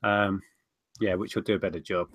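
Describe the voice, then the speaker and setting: A man's voice: deep voice, fairly even intonation, fairly quick, fairly bright tone, dry recording, clean studio sound. A man chatting casually on a livestream, rambling through viewer questions. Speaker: co-host of a reselling livestream.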